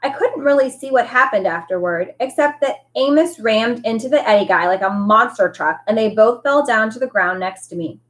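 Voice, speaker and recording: A woman who teaches, reading a novel aloud with expressive storytelling. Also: a little high, moderate pace, hardly any pauses.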